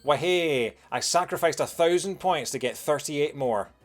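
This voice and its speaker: A man's voice: fairly high pitch, moderate pace, faint music behind. A young British man giving casual commentary while playing a video game, rambling with lots of fillers as he answers chat.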